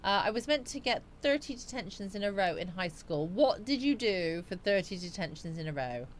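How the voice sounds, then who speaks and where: A woman hosting a relaxed live chat stream, reading her viewers' comments and chatting back to them. Her delivery is loose and meandering, with frequent fillers and thinking out loud. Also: mid-range voice, normal speed, slight background noise. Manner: chatty and rambling, musing aloud with frequent fillers. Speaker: livestream host.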